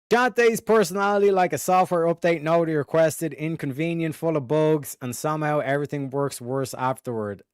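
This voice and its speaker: A man's voice: fairly high pitch, smooth, no room sound, clean studio sound. A man hosting a stream, reading out roast jokes and reacting in casual, profane commentary with bursts of laughter. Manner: profane, animated, laughs through roast lines. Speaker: streamer host.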